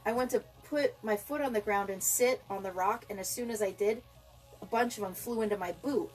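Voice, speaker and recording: Chatty woman telling animated stories. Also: mid-range voice, a little fast, faint music behind. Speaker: podcast co-host. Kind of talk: casual chat.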